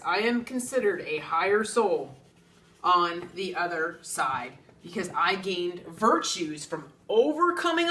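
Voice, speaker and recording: A woman, a psychic medium, teaching in a chatty, animated way, laughing and often checking in with "okay?". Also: fairly low pitch, roomy sound, far from the mic. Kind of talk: spiritual teaching talk.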